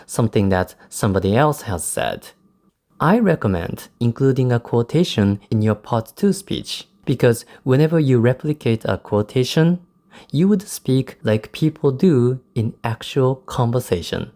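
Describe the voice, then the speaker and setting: Male English tutor, native Japanese speaker, warm relaxed tone, clear explanatory delivery. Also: mid-range voice. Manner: explanatory, demonstrates intonation in quoted examples. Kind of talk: recorded lesson.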